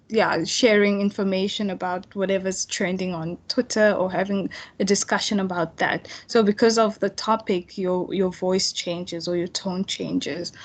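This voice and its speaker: A young adult woman teaching an online tutorial in a chatty, casual way, full of fillers and restarts. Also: medium pitch. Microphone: computer mic on video call.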